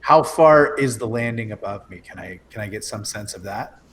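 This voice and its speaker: A man playing in a tabletop game, laying out his moves in a measured, thinking-aloud way. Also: lowish voice, lively intonation, fairly bright tone, slight background noise. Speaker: player.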